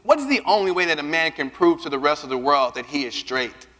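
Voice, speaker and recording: A man giving a keynote speech, telling a personal story with lively, acted-out dialogue. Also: fairly high pitch, brisk. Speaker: keynote speaker. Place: large conference hall. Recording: long reverb of a big hall.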